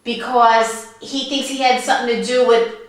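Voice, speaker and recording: A woman's voice: a little high, steady tone, normal speed, distant mic. A woman with a Brooklyn accent, co-hosting a casual movie review and often jumping in to interrupt. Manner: chatty, jumps in and interrupts. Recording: echoey room.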